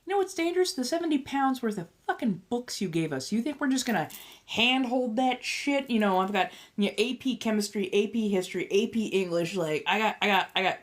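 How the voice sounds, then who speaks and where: Woman in her 30s, stream host, swearing rants, pitch leaps all over, laughs a lot. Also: fairly quick. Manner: profane, animated ranting with frequent laughter. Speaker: livestream host and tarot reader. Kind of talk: casual livestream chat.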